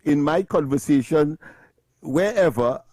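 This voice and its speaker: A man's voice: on the high side, expressive, a little slow, dark tone, no echo. A man from Trinidad with a Trinidadian accent, co-hosting a radio call-in show in a playful, laughing way. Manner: playful, laughs a lot, talks over others. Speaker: radio co-host. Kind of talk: casual call-in banter.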